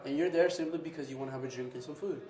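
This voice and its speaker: Fast-talking young man in an echoey room. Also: on the high side. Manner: animated, says "bro" often, acts out customer exchanges. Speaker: restaurant owner. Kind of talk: casual interview talk. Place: his restaurant.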